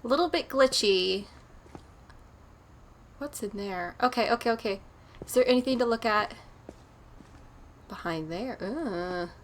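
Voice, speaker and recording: A woman's voice: mid-range voice, lively intonation, measured pace, long pauses. A woman hosting a horror game let's play, chatty and nervous, talking to herself as she explores. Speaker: gaming channel host.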